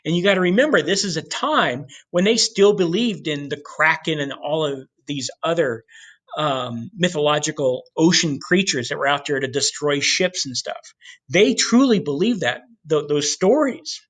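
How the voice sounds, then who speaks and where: A man giving a history lecture in an animated storytelling way, with casual asides to the class. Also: fairly high pitch, moderate pace. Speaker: history teacher.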